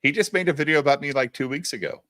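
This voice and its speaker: A man's voice: fairly high pitch, very fast, no echo, clean studio sound. A man telling stories in a casual, profane livestream chat, acting out what others said. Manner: profane, animated storytelling with quoted voices. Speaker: podcast co-host.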